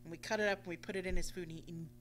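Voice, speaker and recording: A woman telling a long casual story on a radio talk show, animated and swearing freely, acting out the voices she quotes. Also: on the low side, rapid-fire, a little hiss or hum.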